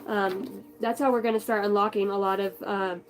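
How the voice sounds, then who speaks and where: A woman's voice: medium pitch, fairly even intonation, normal speed, rough recording. Rambly young woman pulling oracle cards, chatty and loose, music playing behind her. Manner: rambling, chatty, casual swearing. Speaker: spiritual channel host. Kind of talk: casual tarot-style card reading vlog.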